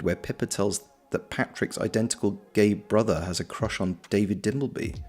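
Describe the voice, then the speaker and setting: Man, low voice, casual livestream chat, reading chat aloud, faint lo-fi music behind. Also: husky. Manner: chatty, reads chat messages aloud and answers viewers. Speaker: livestream host. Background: soft lo-fi background music.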